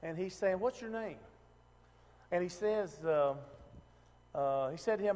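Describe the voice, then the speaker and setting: This is a man teaching scripture in a loose, chatty way, full of restarts and questions like "right?" thrown to the room. His voice sits high for a man. A long reverb trails behind him. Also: animated, measured pace, long pauses, a little mellow. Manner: conversational, asks the room questions, many restarts. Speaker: preacher. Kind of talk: casual Bible teaching.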